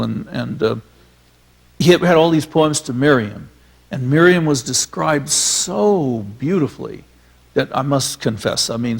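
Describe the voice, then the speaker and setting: A man reminisces onstage as a filmmaker guest, his stories rambling along with ums and restarts. His voice is fairly high and husky. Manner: rambling storyteller, many fillers and restarts.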